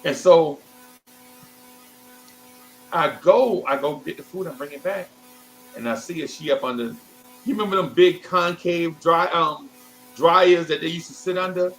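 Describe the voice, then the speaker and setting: In his fifties, this show host speaks a little high and a little slowly, with long pauses, over soft background music on a low-quality recording. He rambles through a childhood story in casual talk, animatedly slipping into other people's voices, with loose restarts and asides.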